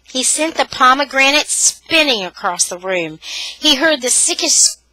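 Bright, dramatic woman storyteller. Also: high voice, measured pace, no echo, rough recording. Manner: expressive, dramatic reading aloud. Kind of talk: scripted narration.

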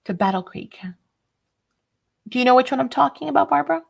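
A woman's voice: sits high, expressive, brisk, gravelly, husky. A woman hosting a casual craft livestream, chatty and a bit scattered, often laughing. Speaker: craft channel host.

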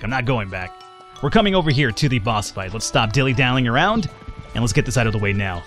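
A man's voice: medium pitch, animated, quick pace, fairly bright tone, faint music behind. A man casually commenting on a strategy game as he plays, joking and reading game text aloud. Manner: jokey, chatty, reads game text aloud. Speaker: gaming channel host. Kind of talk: casual let's-play commentary.

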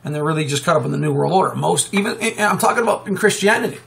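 Gravelly high-pitched man preaching in bursts. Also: lively intonation, very fast. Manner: rambling and emphatic, with sudden loud outbursts and chuckles. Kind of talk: fiery unscripted preaching monologue.

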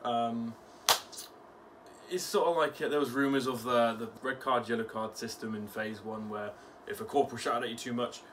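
A man's voice: mid-range voice, fairly even intonation, moderate pace, fairly bright tone, slight background noise. A young man, an ex-soldier vlogger, talking casually with swearing and lots of fillers. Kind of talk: casual commentary vlog.

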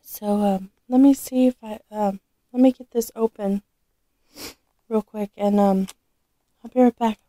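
A woman with a sore, recovering throat, chatting casually as she unboxes a doll, halting with frequent ums. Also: medium pitch, steady tone, warm tone, no room sound, rough recording. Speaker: vlogger unboxing a reborn doll.

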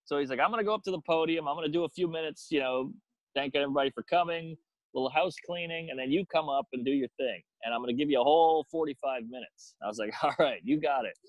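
Animated comedian telling a story, dry sound. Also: male voice, a little high, fast talker, dry recording, rough recording. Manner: animated storyteller acting out characters in exaggerated voices. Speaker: stand-up comedian. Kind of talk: casual storytelling chat.

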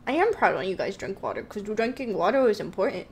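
A woman's voice: medium pitch, lively intonation, quick pace, a little hiss or hum. A woman streaming a horror game, chatting with her viewers in a jokey, jittery way while she admits she is scared. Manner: chatty, talks to chat, nervously jokey. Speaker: gaming streamer. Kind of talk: live-streamed game commentary.

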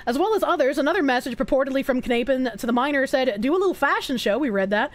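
A woman's voice: high voice, lively intonation, fast. A young woman streaming live, reading messages aloud and reacting in a blunt, profane, openly disgusted way.

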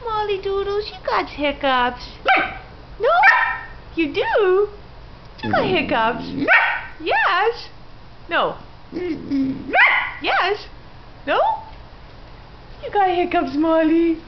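A woman's voice: extremely high pitch, sing-song, extremely slow, pauses often. A woman filming her puppy at home on a handheld camera, talking to it in a doting, sing-song, teasing way, with a dog barking behind her, in a dull home video with background noise. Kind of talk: home video baby talk to a pet. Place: home, indoors.

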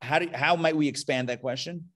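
In a classroom before a live audience, a male rabbi gives an interactive lesson, joking around and prompting questions. His voice is fairly high and a bit bright, and he talks a little fast.

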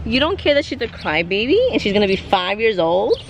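Excitable bilingual mom, lively voice. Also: female voice, on the high side, a little fast. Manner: animated, excitable, bursts into yelps and laughs; switches between English and Spanish. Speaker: family vlogger. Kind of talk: casual family vlog chat.

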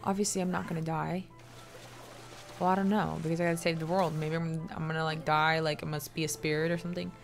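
A young woman commenting casually on a game she plays, chatty and excitable. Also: low voice, quick pace, vocal fry. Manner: chatty, excitable, reacting with gasps and laughter. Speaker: gameplay streamer. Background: game music.

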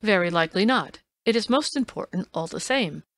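A woman's voice: medium pitch, expressive, a little fast, no room sound, close to an everyday voice. A woman voicing a cool, ironic male detective in an audiobook, dry and teasing. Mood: measured. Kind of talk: audiobook reading.

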